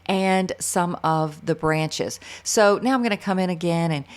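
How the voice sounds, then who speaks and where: A woman's voice: on the low side, measured pace. A middle-aged woman with a faded Southern US accent, from North Carolina, chatting enthusiastically through a real-time painting tutorial and thinking aloud as she works. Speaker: art instructor.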